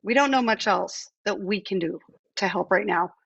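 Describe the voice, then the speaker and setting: A woman's voice: mid-range voice, normal speed, gravelly, fairly bright tone, husky, dry recording, lo-fi sound. A woman in her forties from the United States, co-hosting a live stream from home and talking casually and emotionally, with storytelling asides. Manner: emotional, chatty, tells stories with quoted asides. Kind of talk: casual conversational talk.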